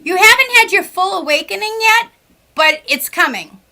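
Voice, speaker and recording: A woman's voice: very high-pitched, animated, normal speed, creaky. A middle-aged woman with a Massachusetts accent, a psychic medium chatting casually and giving readings. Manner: chatty, warm storytelling with frequent "like". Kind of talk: casual radio chat with readings.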